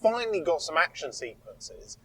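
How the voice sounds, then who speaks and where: Husky, rambling man. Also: on the high side, very animated, moderate pace, a bit bright, rough recording. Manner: rambling, restarts, frequent agreement. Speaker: podcast co-host. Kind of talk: casual chat.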